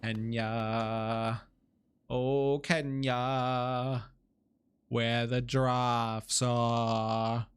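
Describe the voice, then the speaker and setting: Game streamer, casual live commentary, giggly, excitable, slow, lively pitch. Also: clear, resonant tone. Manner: giggly and excitable, talks to chat.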